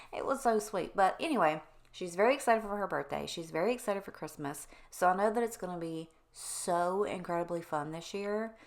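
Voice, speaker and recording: Lower-voiced woman, chatty tangential vlog talk. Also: normal speed, hardly any pauses. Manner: rambling, wanders off on tangents; candid and conversational, addresses viewers directly. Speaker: home cleaning vlogger. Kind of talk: casual chatty voice-over.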